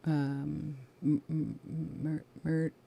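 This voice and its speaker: A woman's voice: deep voice, little pitch movement, extremely slow, creaky, dark tone. A woman co-hosting a casual livestream chat, chatty, giving updates and laughing often. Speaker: co-host.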